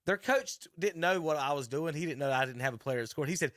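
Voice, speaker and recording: A middle-aged man, hosting sports talk radio and telling a rambling, animated coaching story with many restarts. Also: on the high side, quick pace, dry recording, clean studio sound. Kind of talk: casual radio chat narrating a video clip. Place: radio studio.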